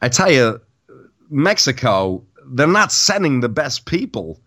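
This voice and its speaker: A man doing a clipped, deadpan impression of a politician crossed with a famous actor. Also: mid-range voice, unhurried, pitched above the performer's own voice.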